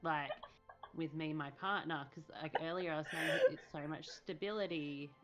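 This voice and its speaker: A woman with a New Zealand accent chats casually on a live stream, giggly and talkative. Her voice sits low, and the stream audio is dull and lo-fi. Faint music plays underneath. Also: moderate pace, fairly bright tone. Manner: giggly, chatty, reads out viewer comments. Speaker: streamer host.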